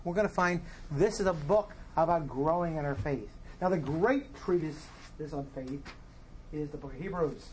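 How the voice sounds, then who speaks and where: A man leading a Bible study, explaining verses in a relaxed teaching way and posing rhetorical questions to his class. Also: on the high side, normal speed, slight background noise.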